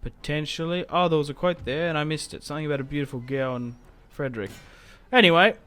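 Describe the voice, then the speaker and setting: A young man giving casual, rambling game commentary, self-mocking and prone to sudden excited outbursts. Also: a little high, fast, clean tone. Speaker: gaming YouTuber. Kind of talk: casual Let's Play commentary. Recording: game music playing faintly behind.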